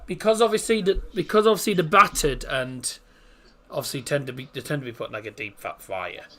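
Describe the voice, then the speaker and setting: A man's voice: fairly high pitch, fairly quick, sharp tone. A man hosting a casual live football watchalong stream, reading out lineups and chatting with viewers. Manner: chatty, reads out chat messages and team lineups.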